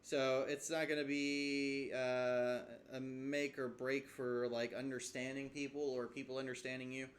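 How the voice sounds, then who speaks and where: A man's voice: mid-range voice, flat delivery, unhurried, hardly any pauses. A man teaching from his own language study in a casual video lesson, thinking aloud with fillers and restarts. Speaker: language learner explaining lessons.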